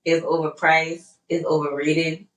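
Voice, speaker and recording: Young Charleston-accented woman, co-host, lively teasing storyteller, lower voice, roomy and off-mic. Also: a little slow. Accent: Charleston, South Carolina. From Charleston, South Carolina. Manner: animated storyteller, teasing, acts out her own reactions. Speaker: podcast co-host. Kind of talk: casual chat. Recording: roomy sound, distant from mic.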